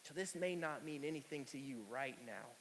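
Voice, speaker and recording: Emphatic high-voiced male preacher. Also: expressive, a bit bright, a little hiss or hum. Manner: emphatic, repeats phrases for effect, slows down on key words. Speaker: pastor. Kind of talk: sermon. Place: church sanctuary. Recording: long reverb of a church hall.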